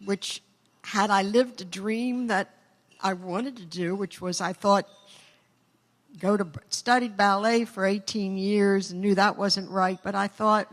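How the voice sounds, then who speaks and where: A woman's voice: mid-range voice, steady tone, slow pace. An older woman giving a chatty acceptance speech full of stories and self-deprecating asides, in a large hall. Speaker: award recipient. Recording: long hall reverb.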